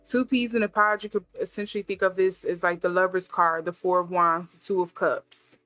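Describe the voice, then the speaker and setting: Woman, tarot reader, musing, thinking out loud, dry close sound, faint music underneath. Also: fairly low pitch, steady tone, brisk, no room sound. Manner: musing, thinking aloud with many fillers. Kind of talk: casual intuitive tarot reading.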